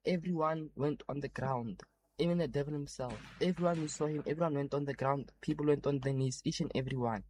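A man's voice: on the high side, fairly even intonation, brisk, darkish tone, slight background noise. A man giving an emphatic personal testimony about a vision. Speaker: testimony giver. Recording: music bed behind the voice.

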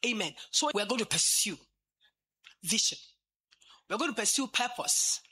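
During a church service, a pastor with a high, expressive voice preaches fervently at a normal speed, leading the congregation in prayer, chanting and speaking in tongues. Loud music plays behind him.

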